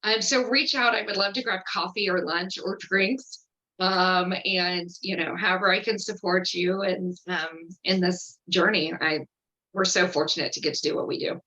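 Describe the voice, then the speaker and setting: An earnest woman hosting a workshop shares personal experiences with a bright, forceful tone. Her voice sits a little low. She comes through a dull, lo-fi video call line. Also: steady tone, moderate pace. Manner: earnest and open, with frequent ums. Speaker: workshop host and coach. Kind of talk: candid personal sharing in a virtual workshop.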